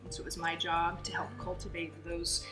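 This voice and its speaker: Chatty woman, low voice, roomy echo. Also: monotone, a little fast. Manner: earnest, chatty, many fillers. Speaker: holistic health coach, guest. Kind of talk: conversational interview storytelling. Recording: roomy echo, music underneath.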